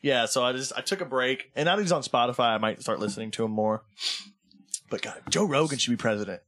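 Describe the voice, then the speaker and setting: A man co-hosting a casual podcast in a laid-back, rambling manner, swearing freely. His voice sits at an ordinary middle pitch. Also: quick pace, a bit bright. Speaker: podcast co-host. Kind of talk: casual chat.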